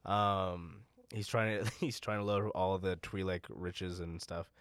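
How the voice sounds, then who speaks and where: Laughing, rambling man with a low voice. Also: little pitch movement, a bit bright, no echo, clean studio sound. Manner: laughing, rambling, doing quick silly character voices. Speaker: podcast co-host. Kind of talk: casual chat recapping a show.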